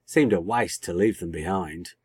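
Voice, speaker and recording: A man's voice: deep voice, normal speed, darkish tone, slightly rough, no room sound. A man voicing Tegan, a blunt, unsentimental young woman in a read-aloud story.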